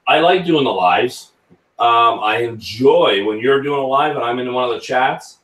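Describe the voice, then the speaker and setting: Chatty and lively in intonation, a whisky channel host with a medium-pitched, fairly bright voice reads out viewer comments during a casual live chat. He talks at a moderate pace, and the distant mic picks up a roomy sound.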